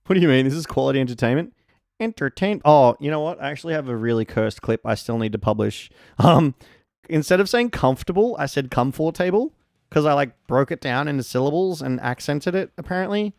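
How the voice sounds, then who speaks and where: A man streaming a game, chatting casually and excitably, greeting viewers and reacting loudly to the action. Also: a little high, quick pace, creaky, dry recording, clean studio sound. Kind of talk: casual live-stream chat while gaming.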